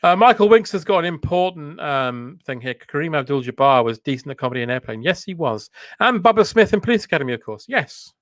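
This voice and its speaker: A man's voice: fairly high pitch, very animated, fast talker, few pauses, no room sound. A man co-hosting a comedy podcast, riffing playfully in casual banter. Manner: riffing, playful, mock-broadcaster asides.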